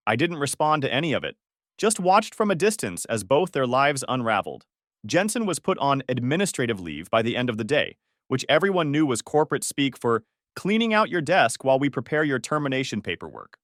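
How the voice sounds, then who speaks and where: A man's voice: medium pitch, a bit bright, dry recording. A man narrating a first-person story in a dry, sarcastic manner, close to the mic.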